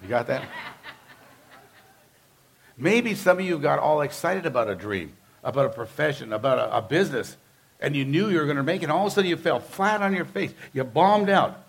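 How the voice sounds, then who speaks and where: Gravelly-voiced preacher giving a sermon. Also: male voice, on the high side, expressive, a little fast. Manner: emphatic, conversational preaching with repeated phrases. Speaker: pastor.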